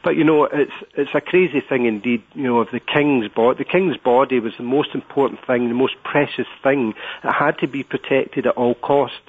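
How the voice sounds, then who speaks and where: A man with a Scottish accent, a guest on an interview, explaining at length and pausing often with filler words. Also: medium pitch, slightly rough. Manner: hesitant, many filler words. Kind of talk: interview over the phone. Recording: tinny phone line.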